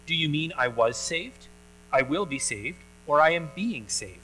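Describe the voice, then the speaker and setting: Gentle old bishop, read by a man; soft, courteous and a little playful. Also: fairly high pitch, animated, unhurried, slight background noise, poor audio. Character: kindly gentle old male bishop, scholarly.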